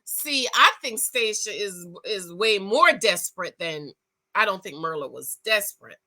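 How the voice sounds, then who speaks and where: A woman giving sassy, animated commentary on a reality show, with features and lots of restarts. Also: medium pitch, normal speed. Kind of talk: casual opinion review.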